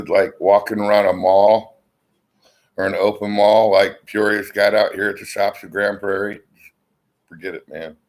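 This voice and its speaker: Gravelly low-voiced middle-aged man rambling. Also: a little mellow, rough recording. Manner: rambling, profane, blunt storyteller. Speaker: vlogger. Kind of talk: rambling casual chat to viewers. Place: at home, seated in an armchair. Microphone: laptop built-in mic.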